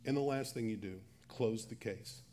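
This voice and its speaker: A middle-aged man preaching a sermon. His voice is mellow and dark, never sharp. He keeps it conversational and voices the Bible figures' words himself. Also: lowish voice, normal speed, slight background noise. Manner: conversational, acts out Bible dialogue in quoted voices. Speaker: pastor.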